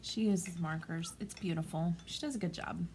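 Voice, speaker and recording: A woman in her forties talking through a craft tutorial at home in a gentle, calm, chatty way. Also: on the low side, moderate pace, slightly rough. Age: 40s. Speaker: craft vlogger.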